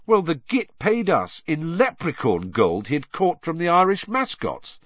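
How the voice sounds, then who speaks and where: A man's voice: on the high side, huge pitch swings, measured pace, no echo, highs cut off, pitched above the performer's own voice, exaggerated voice. A man voicing a cheeky, impatient teenage boy, brash and matter-of-fact.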